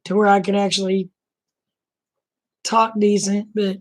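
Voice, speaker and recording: Casting: middle-aged woman, Oklahoma accent, relaxed folksy stream host, flat delivery, slightly rough throat. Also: medium pitch, unhurried. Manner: relaxed, folksy, talks to viewers by name. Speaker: livestream host chatting with viewers. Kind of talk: casual late-night chat.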